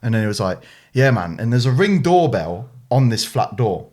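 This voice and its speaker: Young male podcaster, animated storyteller with a wide pitch range and mid-height voice. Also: moderate pace. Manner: animated, sweary, dramatic pitch swings. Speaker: podcast co-host. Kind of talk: casual storytelling chat.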